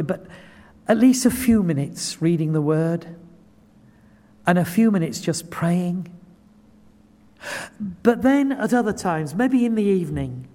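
A man's voice: sits high, a little mellow. A man preaching a sermon, earnest and building to impassioned pleading. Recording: long hall reverb.

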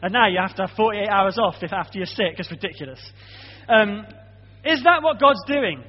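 High-voiced preacher in an echoing hall. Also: male voice, moderate pace. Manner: earnest, conversational, frequent "okay?" check-ins. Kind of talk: sermon. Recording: muffled sound with long hall reverb.

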